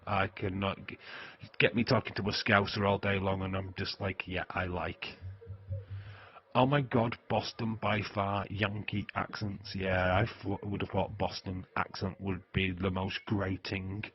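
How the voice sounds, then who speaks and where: A man's voice: deep voice, level tone, moderate pace, husky, muffled recording. A middle-aged British man hosting a wrestling watch-along stream, chatting in a rambling, jokey way that is full of swearing. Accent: British English. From Britain. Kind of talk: casual live-stream chat.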